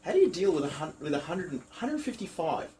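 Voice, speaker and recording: A man's voice: on the high side, very animated, fast, warm tone, slight background noise, low-quality recording. A man hosting a casual podcast chat, joking around and asking questions. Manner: jokey, swears casually, asks questions. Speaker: podcast host, gym owner.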